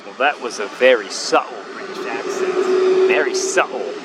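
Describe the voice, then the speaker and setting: A man's voice: medium pitch, lively intonation, moderate pace. A man plane spotting by a runway, giving casual joking commentary with sarcastic asides. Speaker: plane spotter filming departures. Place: outdoors beside an airport runway. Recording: loud jet engine noise outdoors.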